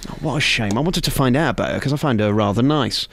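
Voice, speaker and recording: A man's voice: medium pitch, fast talker, no room sound. A man interviewing a guest with teasing, jokey and provocative questions. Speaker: interviewer, radio host.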